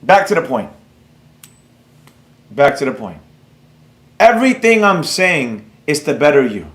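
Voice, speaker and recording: A man's voice: fairly high pitch, sing-song, unhurried, echoey room. A man hosting a trading livestream, talking bluntly and brashly with some swearing while he reads out the chat. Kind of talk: live-stream rant, reading chat aloud.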